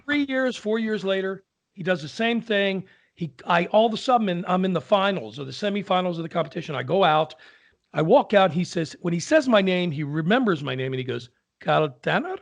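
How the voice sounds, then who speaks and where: A man, an opera singer, telling a lively anecdote in casual conversation and acting out the people in it. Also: high-pitched, brisk, gravelly. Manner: animated storyteller, acts out quoted voices.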